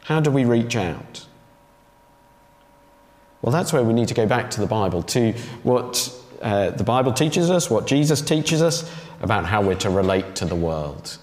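A man's voice: fairly low pitch, very animated, normal speed, a little mellow. A man preaching a sermon, emphatic, repeating key phrases and asking rhetorical questions. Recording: echoey hall with long reverb.

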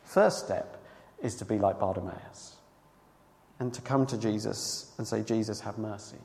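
A man preaching a sermon, emphatic and earnest, moving between loud cries and hushed tones. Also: lowish voice, unhurried, creaky, big-room sound.

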